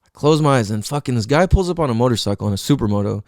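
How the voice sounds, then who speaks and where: A man's voice: medium pitch, animated, racing, a little mellow, dry recording. Swearing man telling a story, dry sound. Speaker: podcast host. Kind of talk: casual storytelling podcast.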